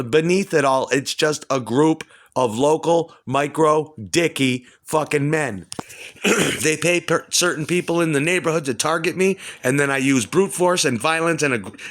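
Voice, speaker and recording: A man's voice: on the high side, a bit bright. A man at home delivering an agitated, profane, rambling rant. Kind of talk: rambling monologue to camera. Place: at home indoors.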